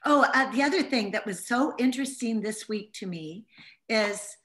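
A woman's voice: fairly high pitch, animated, moderate pace, a bit bright. A middle-aged woman giving an informal Bible teaching to a small group, telling stories in an earnest, heartfelt way.

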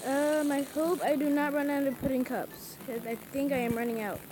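Woman, high voice, frantic casual gameplay commentary, pleading to herself, clear sizzling game sounds underneath. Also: level tone, normal speed, noisy background.

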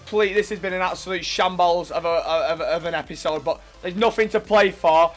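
A young man with a high voice narrates his football matches as he plays, swearing freely and yelling at his opponents. His commentary swings into frustrated rants, with faint music under his talk. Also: normal speed, hardly any pauses. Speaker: gaming YouTuber. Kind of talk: live gameplay commentary.

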